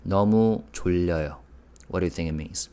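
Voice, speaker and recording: Man, very low voice, Korean teacher, live online lesson, upbeat, patient, spells out syllables. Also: racing, warm tone, clear, resonant tone.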